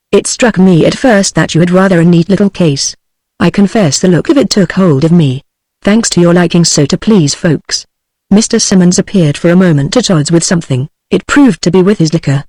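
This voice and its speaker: A text-to-speech woman's voice with a British English accent, reading a novel aloud at a measured, steady pace. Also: on the low side, no echo. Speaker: audiobook narrator.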